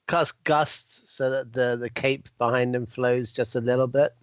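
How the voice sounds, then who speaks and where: A man's voice: medium pitch, fairly even intonation, unhurried, smooth, no room sound. A man playing a tabletop game, making dry, wry remarks. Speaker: player. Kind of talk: casual tabletop play. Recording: dull dry lo-fi mic.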